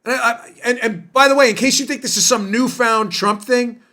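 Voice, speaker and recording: Fired-up guy doing his political podcast, high bright voice, keeps asking are you serious. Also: brisk. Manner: emphatic, indignant, rhetorical questions. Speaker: podcast host. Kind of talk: political commentary monologue.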